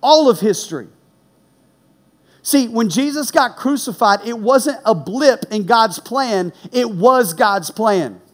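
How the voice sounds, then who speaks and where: A man preaching a sermon in a high, lively voice. He tells stories with animated energy, shouting the punchlines, then drops low and quiet to make his serious points. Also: slow. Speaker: pastor. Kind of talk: sermon with personal story.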